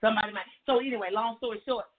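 A woman life coach telling an animated faith testimony in a folksy, preachy way, repeating words for emphasis. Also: fairly high pitch, rapid-fire. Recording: tinny phone-like sound, faint music.

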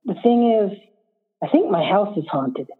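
A man's voice: high-pitched, very animated, unhurried, husky, exaggerated voice. A woman reading aloud as a hesitant, stammering man in his forties, over a tinny phone-like line. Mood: nervous.

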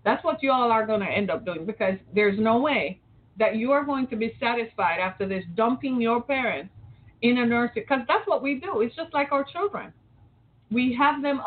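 Through tinny, phone-like audio, a Metro Detroit woman of middle age delivers a passionate opinion monologue loaded with rhetorical questions. She speaks at a moderate pace in a fairly high voice with lively intonation.

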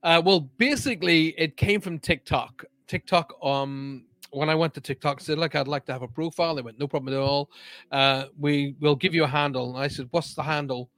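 A man's voice: fairly high pitch, brisk, a bit bright, no echo. A man hosting a live-streamed show, chatting casually and reading out viewer comments in an upbeat way.

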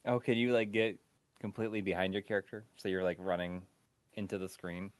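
A man's voice: low-pitched, steady tone, fairly quick, dry recording. A man co-hosting a gaming live stream, playful and joking in casual chat. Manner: playful, jokey, makes silly sound effects.

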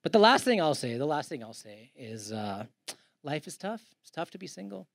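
A man from India doing a stand-up comedy set, animated and acting out the people in his stories. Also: a little high, gravelly, no room sound. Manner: animated, acts out callers in quick voices. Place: comedy club with live audience. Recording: live club audience laughing.

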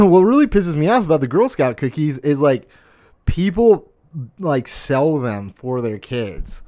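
A man's voice: mid-range voice, darkish tone, dry recording. A young man streaming from home, ranting in a casual, exasperated and profane way with lots of fillers, close to his desk mic.

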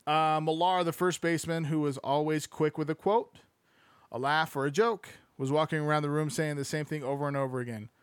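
Excitable, cursing man with a higher voice. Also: fairly quick, clean tone, no echo, clean studio sound. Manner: excitable, profane, slangy asides. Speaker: streamer reading a sports book aloud. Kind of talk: reading aloud with excited commentary.

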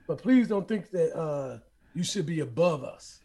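A man's voice: a little high, animated, a little slow, warm tone. A man co-hosting a podcast, talking bluntly and jokingly in casual group chat. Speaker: podcast co-host.

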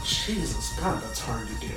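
A man hosting a podcast in casual chat, self-deprecating and quick to laugh. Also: medium pitch, big pitch swings, music in the background. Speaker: podcast host.

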